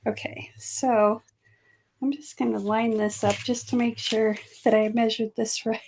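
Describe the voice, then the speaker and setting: A woman's voice: fairly high pitch, flat delivery, unhurried, gravelly, a little mellow, a little hiss or hum, rough recording. A middle-aged woman chatting casually as she makes art on a live stream, laughing often and poking fun at herself. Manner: chatty, laughs often, self-mocking asides. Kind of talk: casual chat while making art.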